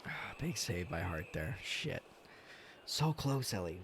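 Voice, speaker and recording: Young male streamer, low and lively voice, excitable, swears, yawning, faint background noise. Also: slow pace. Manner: excitable, swears often, yells at big plays. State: yawning, tired. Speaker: gaming streamer. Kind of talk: casual game commentary.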